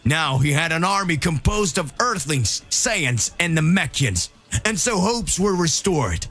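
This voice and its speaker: A man's voice: a little high, very animated, unhurried, a bit bright, faint music behind. A man narrating a dramatic fan-made story.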